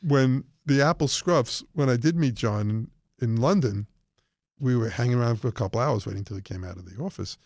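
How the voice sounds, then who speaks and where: An older man as a podcast guest, reminiscing in a relaxed, friendly way. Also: mid-range voice, brisk, dry recording, studio quality. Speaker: guest, festival founder. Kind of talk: casual interview chat.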